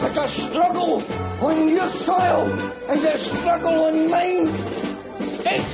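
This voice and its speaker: An actor playing a sentimental, drunk Scottish sidekick with a Scottish accent, talking in a slow, slurred way. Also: male voice, very high voice, flat delivery, poor audio. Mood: maudlin. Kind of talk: sitcom acting. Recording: loud music behind.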